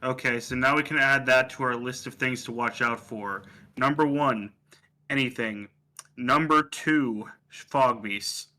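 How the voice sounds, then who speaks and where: A man playing a big, blunt male fighter who talks flat and deadpan in a tabletop game. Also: medium pitch, unhurried.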